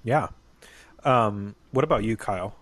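A man hosting a casual music podcast, talking in a relaxed way with lots of fillers. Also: lowish voice, measured pace, no room sound. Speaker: podcast host.

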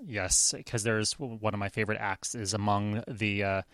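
A man's voice: lowish voice, level tone, moderate pace, fairly bright tone, smooth, dry recording. A man hosting a music podcast in casual chat, talking with many ums and restarts. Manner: chatty, lots of ums and restarts. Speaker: podcast host.

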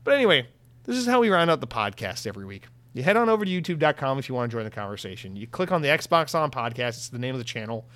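A man's voice: medium pitch, quick pace, no echo. Sarcastic, swearing podcast host man. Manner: sarcastic, profane, animated. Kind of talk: casual comedic podcast.

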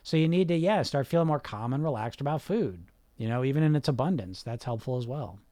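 A man's voice: mid-range voice, lively intonation, a little fast, dark tone, no room sound. A man coaching a group on weight loss, blunt and emphatic, sometimes swearing, who keeps asking rhetorical questions.

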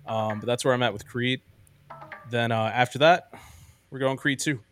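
A man's voice: mid-range voice, normal speed, fairly bright tone, slight background noise. A man hosting a podcast, chatting casually and enthusiastically about ranking movies, rambling with lots of "like" and "um". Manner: enthusiastic, rambling, heavy use of "like" and "um". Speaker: podcast host.

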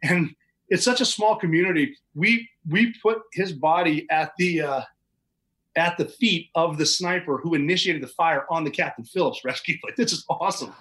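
Guy telling a story on a podcast, kinda high voice, plain and vivid, chuckles now and then. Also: normal speed, a bit bright, rough recording. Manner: vivid, matter-of-fact recounting with occasional chuckles. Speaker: podcast guest. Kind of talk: casual spoken storytelling.

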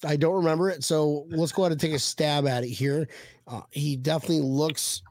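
A man's voice: fairly high pitch, fairly even intonation, a little fast, a little mellow, no echo. A man hosting a casual sports podcast, joking and laughing often with his guests. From rural United States. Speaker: podcast host.

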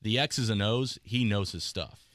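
A man co-hosting a casual sports podcast, reading out listener questions in a steady way. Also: on the low side, unhurried, dry recording, studio quality.

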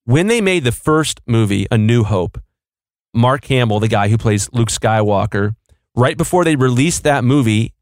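A man's voice: medium pitch, animated, normal speed, no room sound, studio quality. Blunt man hosting a podcast. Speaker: podcast host. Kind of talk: casual podcast chat.

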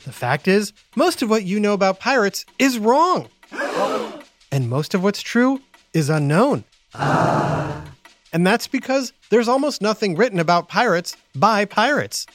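A man hosting a children's educational podcast, narrating in an upbeat, animated way for kids. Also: high voice, unhurried, faint music behind. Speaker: host.

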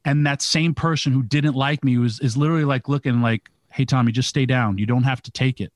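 A man's voice: medium pitch, fairly even intonation, brisk, no room sound. Man telling a vivid story. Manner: vivid storyteller, filler "like" and "literally". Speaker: podcast co-host telling a story. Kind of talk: casual storytelling.

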